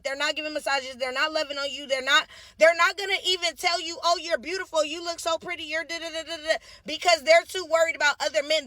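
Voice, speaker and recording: A woman's voice: sits high, bright, forceful tone, no room sound. A woman with a Los Angeles accent giving a brash, profane rant about dating. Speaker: tiktok creator.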